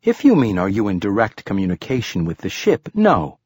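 A man's voice: lowish voice, huge pitch swings, brisk, darkish tone, slightly rough, exaggerated voice. A man voicing a polite, chirpy talking bracelet computer that speaks in a precise, formal, helpful way.

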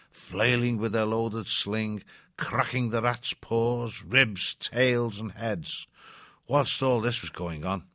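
A man reading a children's adventure novel aloud in a measured, expressive way. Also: on the low side, no echo, studio quality. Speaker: narrator. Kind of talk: audiobook narration.

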